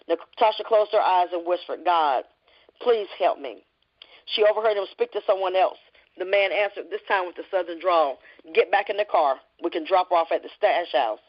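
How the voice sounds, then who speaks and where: A woman author reading her novel aloud in an earnest, steady voice and then chatting in an interview. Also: on the low side. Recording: lo-fi podcast audio.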